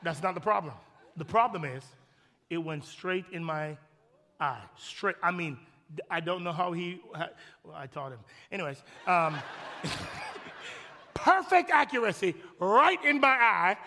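A man's voice: high-pitched, expressive, unhurried, pauses often, a little hiss or hum. Male pastor, thirties, passionate sermon delivery, hall reverb. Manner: preaching, swings from loud shouted peaks to soft hushed storytelling. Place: large church hall.

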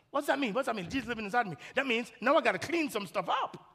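High, bright-voiced preacher man in a reverberant church. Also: lively intonation, very fast, hardly any pauses. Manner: preaching, swings from loud shouted peaks to soft hushed storytelling. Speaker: pastor. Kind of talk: sermon. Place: large church hall. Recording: long hall reverb.

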